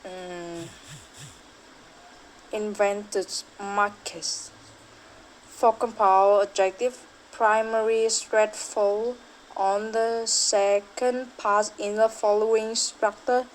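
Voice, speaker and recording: A young woman student reads her class presentation at a very slow pace. She is hesitant, often pausing on fillers and correcting herself. Her pitch sits in the middle range. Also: fairly even intonation, rough recording.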